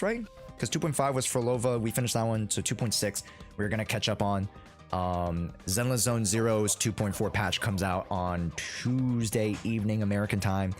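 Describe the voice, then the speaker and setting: A man hosting a livestream in casual, playful chat, rambling with many fillers. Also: low-pitched. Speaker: streamer and host.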